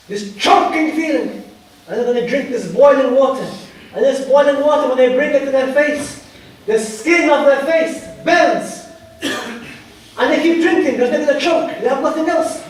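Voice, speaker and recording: A man preaching a sermon, emphatic, repeating phrases for weight. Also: very high voice. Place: mosque prayer hall. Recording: very echoey hall, voice far from mic.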